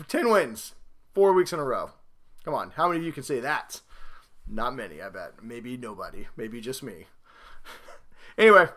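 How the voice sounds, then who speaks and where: A man hosting a casual football talk show, rambling and self-mocking, swinging between loud hype and low mutters. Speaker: podcast host.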